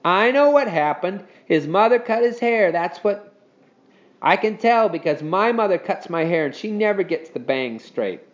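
A man's voice: high-pitched, animated, moderate pace, muffled recording. A man reading a storybook, voicing a bossy older girl who scolds shrilly. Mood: matter-of-fact.

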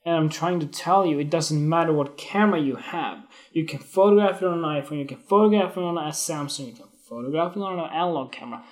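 A man hosting a casual photography talk on a live stream, candid, swearing often, restarting his sentences and growing emotional. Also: fairly high pitch. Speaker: photography podcast host. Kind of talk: casual spoken monologue on Instagram Live.

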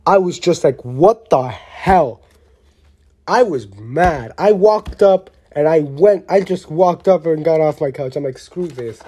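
A vlogger giving a casual, opinionated wrestling show review, rambling and excitable, often restarting sentences and swearing mildly. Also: medium pitch, normal speed, few pauses, slightly rough. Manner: blunt, with mild swearing.

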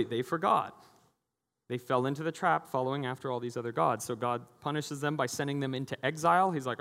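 A man preaching in a big, reverberant hall. His sermon is animated and conversational, and he slips into other people's voices as he tells the story. His pitch sits in the middle range for a man. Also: a little fast, creaky. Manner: animated, acting out quoted voices. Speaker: pastor.

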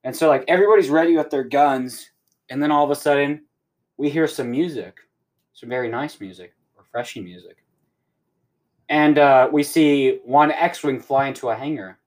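A young man hosting a podcast, rambling excitedly through a casual recap and swearing often. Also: a little high, normal speed. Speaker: podcast host.

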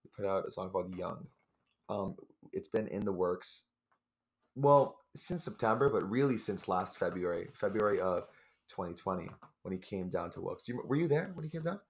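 A man's voice: deep voice, animated. A young man who makes music, a podcast guest telling stories in casual, chatty talk full of fillers. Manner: rapid, chatty storytelling with many fillers. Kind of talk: casual chat.

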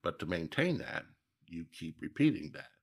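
Deep gravelly husky man. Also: sing-song, normal speed. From Minnesota. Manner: reflective, folksy with emphatic repeats. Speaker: guest. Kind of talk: casual storytelling interview.

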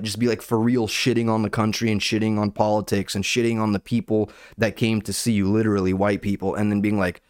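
Young man, low voice, sarcastic rant, profane, keeps saying dude, dry close sound. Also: brisk, a little mellow, clear, resonant tone, no room sound. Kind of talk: casual comedic rant.

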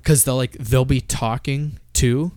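A man's voice: medium pitch, steady tone, unhurried, darkish tone, no room sound, studio quality. A man chatting casually about video games, swearing freely and laughing often. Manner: profane, ranting, laughs often. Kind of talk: casual gaming chat.

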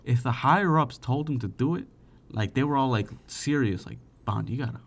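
A man's voice: mid-range voice, expressive, normal speed. A young man co-hosting a casual podcast, joking and dodging questions, often acting out the lines of people he quotes. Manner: jokey, evasive, acts out quoted voices. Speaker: podcast co-host.

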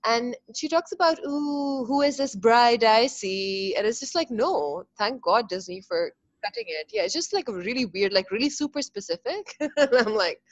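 A woman in casual chat, animated and blunt, with quick asides and swearing. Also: a little high, dry recording, dull audio.

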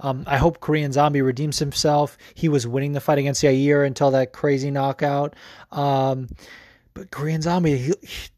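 A man's voice: mid-range voice, flat delivery, moderate pace, darkish tone, no room sound, studio quality. A young man hosting a podcast, giving casual, profane sports commentary full of fillers. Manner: loose and profane, lots of fillers. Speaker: podcast host.

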